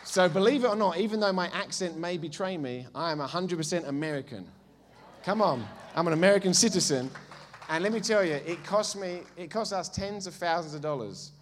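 A middle-aged man with an Essex English accent, preaching a sermon with jokey asides and loud bursts of enthusiasm. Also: high voice, a little fast, a faint crowd, a little hiss or hum. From England.

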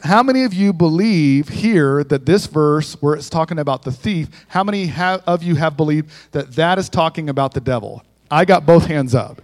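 Conversational man preaching in an echoing hall. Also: high voice. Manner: conversational and joking, checks in with the crowd. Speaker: guest preacher. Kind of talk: sermon. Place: church. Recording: long echo of a large hall.

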